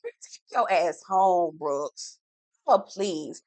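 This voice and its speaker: A woman's voice: fairly low pitch, animated, slow pace, pauses often, darkish tone, no echo. A woman giving a sassy, dramatic, casual recap of a reality TV episode as a vlogger, full of slang asides.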